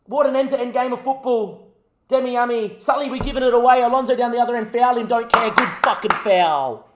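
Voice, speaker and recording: A young man giving animated live commentary on a football management game as a gaming YouTuber, talking at the players on screen. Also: very high voice, brisk, very noisy.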